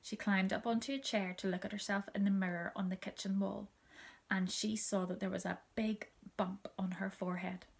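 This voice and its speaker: Woman reading a kids' story out loud, soft, keeps going whispery, gravelly voice. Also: mid-range voice, flat delivery, normal speed. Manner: soft and gentle, often dropping to a whisper. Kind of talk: reading a children's story aloud.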